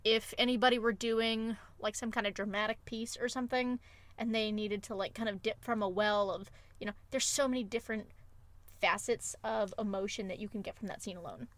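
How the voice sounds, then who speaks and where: A woman's voice: medium pitch, fairly even intonation, fairly quick, fairly bright tone, dry recording. A woman co-hosting a podcast, retelling film scenes with emotive enthusiasm in casual chat. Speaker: podcast co-host.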